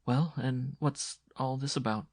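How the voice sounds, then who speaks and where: A man voicing a gentle, devout hospital nun who speaks in a hushed, soothing way in an audio drama. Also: mid-range voice, fairly even intonation, measured pace, no room sound, studio quality, voice pushed up, close to an everyday voice. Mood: gentle scolding.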